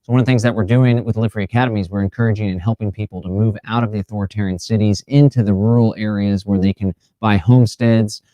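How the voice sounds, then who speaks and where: A man hosting a livestream motivational talk, lively and prone to mocking imagined people's voices. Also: fairly low pitch, no echo. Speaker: livestream host.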